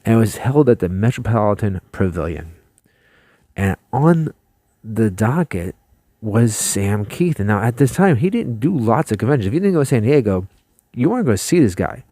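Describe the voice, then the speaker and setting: A man hosting his own channel, telling a personal story in a chatty, animated way and laughing often. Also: fairly low pitch, moderate pace, dry recording. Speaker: channel host. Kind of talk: casual storytelling to camera.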